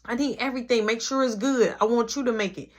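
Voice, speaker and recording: Woman doing a pushy excited mom, high, rushed, bossy, in a storytime vlog. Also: natural voice. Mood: demanding. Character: demanding excited mother.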